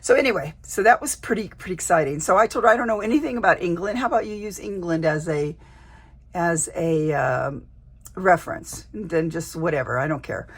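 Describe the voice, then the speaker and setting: Rambling woman with a husky voice. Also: on the low side, lively intonation, fairly quick. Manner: rambling, chatty, many fillers and restarts. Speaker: junk journal vlogger. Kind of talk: casual show-and-tell chat.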